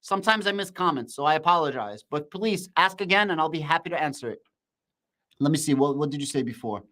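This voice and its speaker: High-voiced guy hosting a live stream, shouting, says bro a lot, reads chat out loud. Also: expressive, fast talker. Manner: shouting, hyped, slangy, reads chat aloud. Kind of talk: excited live market stream.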